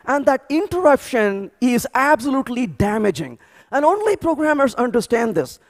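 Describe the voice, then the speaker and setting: A man speaking at a programming conference, telling animated stories with frequent restarts and repeated words. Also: very high voice, normal speed, vocal fry. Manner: animated storytelling with many restarts. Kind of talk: energetic tech conference talk. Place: large conference hall.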